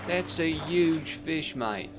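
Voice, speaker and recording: A man's voice: on the high side, animated, slow pace, background noise, pitched above the performer's own voice. A man putting on a gushing Australian wildlife presenter. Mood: marvelling. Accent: put-on exaggerated Australian. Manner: loud, gushing, marvelling at fish. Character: exuberant Australian male wildlife presenter, adult.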